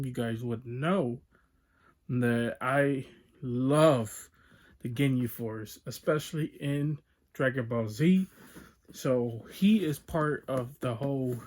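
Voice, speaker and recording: Laid-back American man unboxing toys. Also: medium pitch. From United States. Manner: relaxed, rambling, repeats "so there's that". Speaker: toy unboxing channel host. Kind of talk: casual unboxing vlog. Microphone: phone or webcam on desk.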